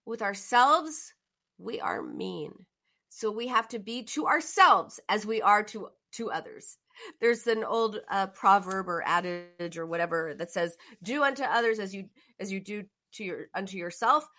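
A woman's voice: medium pitch, bright, forceful tone. A woman giving an earnest, emphatic motivational talk as a coach, acting out the words people say to themselves. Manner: earnest, emphatic, acts out quoted self-talk.

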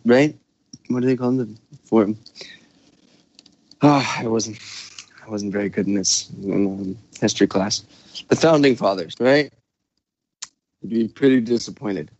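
A man hosting a casual conversation, talking slowly with many restarts and pauses while he searches for words. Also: lowish voice, a little mellow, no room sound, dull audio. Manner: slow, halting, searching for words.

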